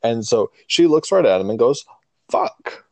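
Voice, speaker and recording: A man's voice: mid-range voice, expressive, brisk, gravelly, mellow, no echo. A man co-hosting a casual podcast, telling rambling, profane stories about being a dad with many restarts. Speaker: podcast co-host; father.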